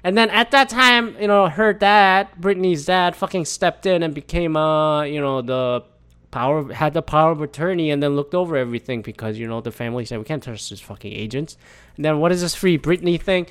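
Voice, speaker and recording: A man in a loose, profane rant, cursing freely and circling back with fillers and false starts. His voice sits a little high for a man. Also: brisk, a bit bright, smooth. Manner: rambling, swears a lot, many fillers and restarts. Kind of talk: casual profane rant on celebrity news.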